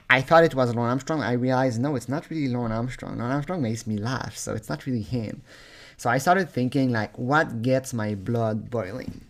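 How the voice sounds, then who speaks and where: A man's voice: mid-range voice, vocal fry. A man ranting angrily on his own channel, swearing often, tripping over his words and breaking into laughter. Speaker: vlogger. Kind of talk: profane comedic rant.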